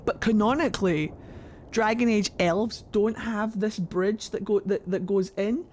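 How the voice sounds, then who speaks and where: A woman's voice: medium pitch, unhurried, darkish tone, slight background noise. A woman streaming a game, chatting in a goofy, rambling way to her viewers. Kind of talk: casual gameplay commentary. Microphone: desk microphone.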